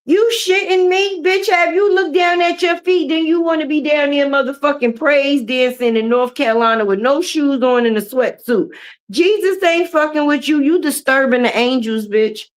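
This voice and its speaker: Woman, high-pitched, profane mocking live-stream rant. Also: moderate pace. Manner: profane, mocking, switches into jeering put-on voices. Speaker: commentary streamer. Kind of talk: ranting live-stream commentary.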